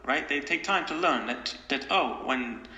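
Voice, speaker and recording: A man giving advice as an interview guest, animated and repetitive, often acting out quoted voices. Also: medium pitch, a little slow, muffled recording. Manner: animated, acts out quoted voices, repeats phrases. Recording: echoey room with long reverb.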